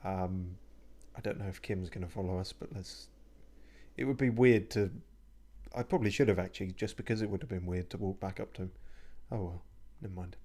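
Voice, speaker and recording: Man, lowish voice, casual game commentary, laughs a lot. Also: fairly quick, dark tone. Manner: chatty, laughs often, reads out choices. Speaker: streamer. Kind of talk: casual let's play commentary.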